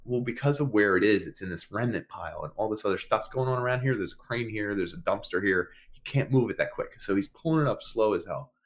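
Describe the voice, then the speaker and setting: A man with a fairly low voice tells a story to a friend in relaxed podcast chat. He swears casually and acts out what people said. His delivery is animated and conversational. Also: fast talker, hardly any pauses. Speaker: podcast co-host.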